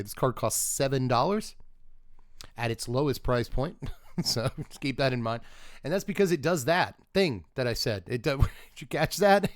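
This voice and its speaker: A man's voice: mid-range voice, no echo, studio quality. A man reviewing trading cards in a chatty, self-amused way, laughing often as he talks. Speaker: Magic card reviewer. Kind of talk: casual card review commentary.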